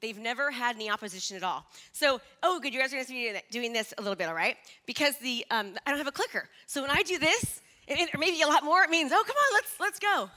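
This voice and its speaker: A woman in her forties giving an energetic, chatty stage talk and drawing the live audience in, a little nervous. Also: high voice, fast talker, few pauses. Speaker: motivational speaker.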